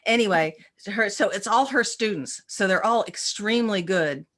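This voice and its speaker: A woman practitioner and teacher in a casual interview, telling animated stories and acting out quoted voices with many restarts. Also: mid-range voice, normal speed, a little hiss or hum.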